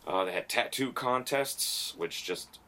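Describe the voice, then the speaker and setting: A man's voice: medium pitch, expressive, a little slow, pushed and bright. A man hosting a podcast, telling rambling stories in casual chat and laughing often. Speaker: podcast host.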